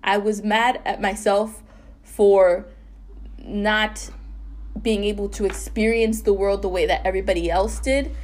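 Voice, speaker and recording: A young woman co-hosting a podcast, telling a painful personal story in an earnest, halting way full of fillers and restarts. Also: mid-range voice, steady tone, a little mellow. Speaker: podcast co-host.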